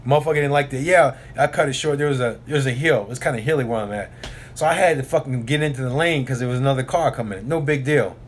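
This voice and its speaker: A man's voice: medium pitch, fast. A man who drives oilfield trucks tells a rambling, profane story in a casual vlog, repeating himself and filling the gaps with asides.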